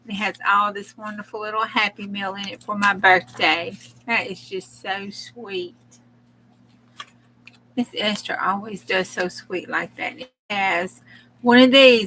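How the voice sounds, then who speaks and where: A woman's voice: medium pitch, steady tone, unhurried, sharp tone, slight background noise. A woman hosting a casual crafting live stream, effusive and chatty, laughing often and close to tears.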